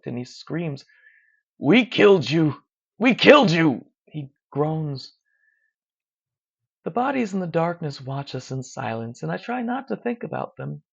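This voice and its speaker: A narrator reading a dark first-person horror story in a slow, measured, hushed way. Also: medium pitch. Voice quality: gravelly. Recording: dull lo-fi recording.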